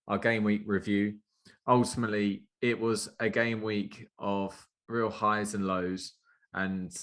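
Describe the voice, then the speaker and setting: Man, podcast host, lowish voice, jokey casual chat. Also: a bit bright. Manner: jokey, chatty, laughs often.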